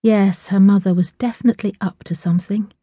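A woman narrating a novel in a measured, even storytelling manner. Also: mid-range voice, breathy edge, no echo. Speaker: audiobook narrator. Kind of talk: scripted narration.

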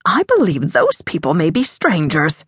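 A woman's voice: fairly low pitch, wildly swooping pitch, moderate pace, breathy edge, no room sound, clean studio sound, heavily acted. A woman voicing a stern, proper wealthy society mother who disapproves easily, in an audiobook. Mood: disapproving.

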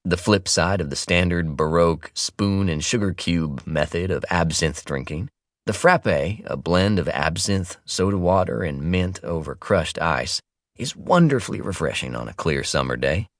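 A man with a very low voice reads a nonfiction audiobook. His delivery is wry and expressive, with intonation that swings widely for playful asides. The sound is dry and close, recorded on a studio microphone. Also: moderate pace, dry recording. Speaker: audiobook narrator. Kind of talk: scripted audiobook narration.

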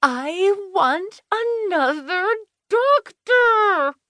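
A woman's voice: extremely high pitch, animated, extremely slow, sharp tone, dry recording, clean studio sound, voice pushed up, exaggerated voice. A woman narrator voicing an angry young woman in painful labor who snaps and wails at her doctor. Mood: hostile, wailing. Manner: snapping, wailing, hostile.

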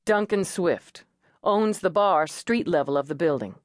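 A man's voice: high voice, animated, measured pace, dry recording, studio quality. A woman reading an audiobook voices a matter-of-fact male police captain who talks in a clipped, businesslike way.

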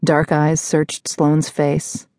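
A woman with a low, mellow voice reads a romance novel aloud in a measured, intimate way. The sound is dry and close, straight from a studio mic. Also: monotone, no room sound. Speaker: audiobook narrator. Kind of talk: scripted narration. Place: recording studio.

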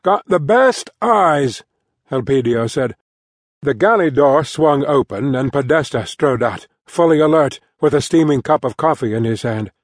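A man's voice: mid-range voice, no room sound. Man narrating an audiobook in a dry studio. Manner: even, measured storytelling. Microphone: close studio mic.

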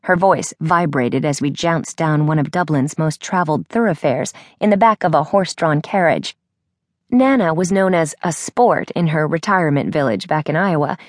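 A woman with a lowish voice reads a first-person audiobook with a wry, dry sense of humor. The recording is close and dry, with no room sound. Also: moderate pace, dry recording. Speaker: audiobook narrator. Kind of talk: scripted first-person narration.

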